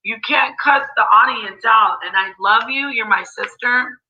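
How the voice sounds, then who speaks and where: A woman's voice: fairly high pitch, unhurried, pushed and bright. Apologetic woman on lo-fi stream audio. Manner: apologetic, placating. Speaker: livestream host. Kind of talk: livestream panel chat.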